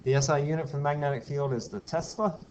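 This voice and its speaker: A man's voice: on the high side, fairly even intonation, fast, a little mellow. A man giving a physics lecture in a classroom, explaining step by step, putting questions to the class and telling the odd aside. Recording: dull lo-fi classroom recording with faint hiss.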